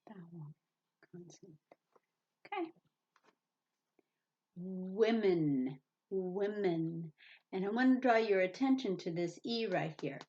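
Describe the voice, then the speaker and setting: Woman teacher, slow and patient, spells words letter by letter, slightly dull lo-fi sound. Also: medium pitch, mellow. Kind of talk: slow reading lesson for young children.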